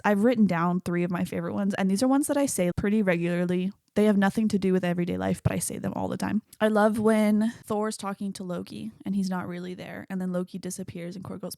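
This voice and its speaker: A woman hosts a solo podcast and chats casually about a film, swearing freely and acting out the lines she quotes. her voice has a gravelly fry to it and sits at a middle pitch. the sound is dry and close. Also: dark tone, no room sound. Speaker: podcast host.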